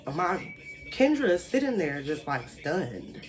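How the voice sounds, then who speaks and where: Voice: mid-range voice, a little slow, faint music behind. A vlogger telling a wild personal story in a casual storytime monologue, chatty and full of "like" fillers, swearing freely and acting out the people in it. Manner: animated, acts out quoted people.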